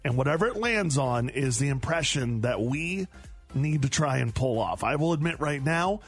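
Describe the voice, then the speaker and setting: A man's voice: mid-range voice, lively intonation, moderate pace, slightly rough, faint music behind. A man hosting a radio morning show, chatting in a playful, self-deprecating way. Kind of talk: casual chat.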